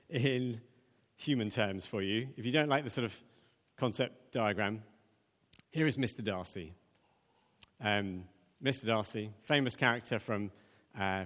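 Brief: male preacher, mid-pitched, casual and animated delivery, long hall reverb. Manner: conversational, animated, frequent ums and repeated words. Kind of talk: sermon. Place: church.

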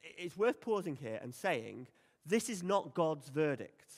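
A man's voice: on the high side, sing-song, unhurried. Man preaching in a reverberant hall. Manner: conversational, emphatic, acts out quoted lines. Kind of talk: sermon.

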